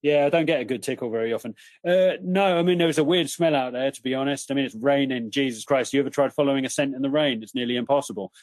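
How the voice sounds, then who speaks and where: A man's voice: medium pitch, quick pace, hardly any pauses, darkish tone, no room sound, natural voice. A man voicing a chatty, self-pitying male dingo who grumbles and swears in a tabletop game. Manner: chatty, moaning, swears a lot.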